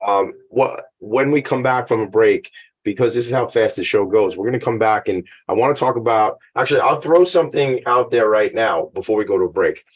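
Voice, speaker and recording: A man's voice: fairly low pitch, brisk. A man hosting a casual talk radio show from a home attic studio, chatty and off-the-cuff.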